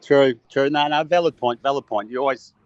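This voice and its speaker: An Australian man, a passionate fan, calling in for a casual chat, loud and blokey. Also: medium pitch, steady tone, a little fast, no echo, dull audio. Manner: boisterous, chanting, blokey. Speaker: guest fan.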